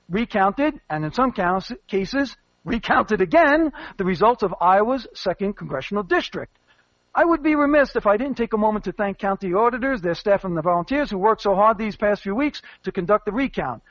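A man's voice: high voice, expressive, normal speed, a bit bright, no room sound, muffled recording. A man hosting a commentary show, rambling and emphatic with many fillers. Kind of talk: casual spoken commentary.

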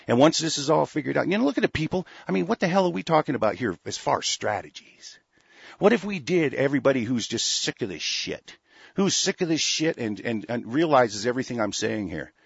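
A man's voice: medium pitch, no room sound. A man from Oregon delivering a fiery, profane, rambling political rant as a talk host. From Oregon, USA. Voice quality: gravelly, husky. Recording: dull lo-fi close mic.

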